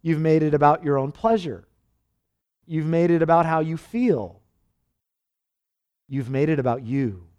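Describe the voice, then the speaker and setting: A man's voice: a little high, measured pace, long pauses, darkish tone, clear, resonant tone. A man preaching a sermon with passion, acting out the voices of those he quotes. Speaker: pastor.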